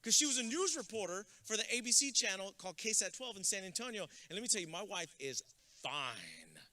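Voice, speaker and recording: A man's voice: high voice, big pitch swings, a little fast, sharp tone. A man from Texas giving a graduation keynote, telling comic stories and building to a rousing close at a podium microphone. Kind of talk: motivational storytelling speech. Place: school graduation ceremony.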